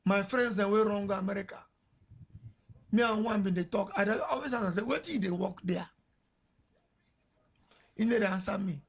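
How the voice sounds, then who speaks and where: A man's voice: sits high, fairly even intonation, a little fast. A Nigerian man hosting a radio show, telling a story in a chatty way, mixing pidgin with English and laughing as he goes. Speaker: radio host. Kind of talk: casual storytelling on air. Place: radio studio. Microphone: studio mic.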